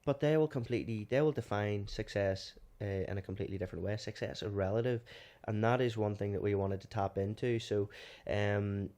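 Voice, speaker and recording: A man's voice: lowish voice, a little fast, hardly any pauses, darkish tone. A young man, hosting a casual podcast chat in an upbeat way and steering the conversation. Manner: upbeat, introduces and steers the talk. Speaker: podcast host.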